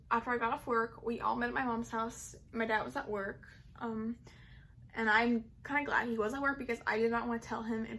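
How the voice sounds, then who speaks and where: A woman's voice: a little high, creaky, fairly bright tone, slight background noise. A young adult woman telling a personal story to camera in a casual, rambling way, full of "like" and "um". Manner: rambling, heavy use of "like" and "um". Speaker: vlogger.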